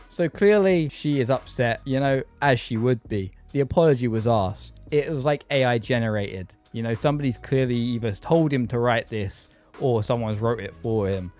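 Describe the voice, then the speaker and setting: A man's voice: medium pitch, normal speed, hardly any pauses, darkish tone, soft background music. A man giving frank, casual reaction commentary, swearing now and then. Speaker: commentary YouTuber.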